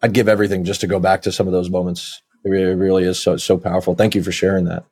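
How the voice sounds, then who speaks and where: Male podcast host, low husky voice, thoughtful and halting. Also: flat delivery, darkish tone. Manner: reflective and appreciative, halting delivery. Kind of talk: casual interview.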